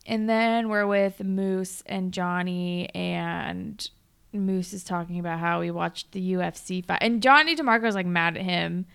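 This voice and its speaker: A woman with a bright, forceful voice that has a gravelly fry at its edges, set a little high for a woman. She co-hosts a casual podcast, recapping a TV episode in easy chat and laughing often. The tone stays smooth and crisp throughout. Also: a little slow. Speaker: podcast co-host.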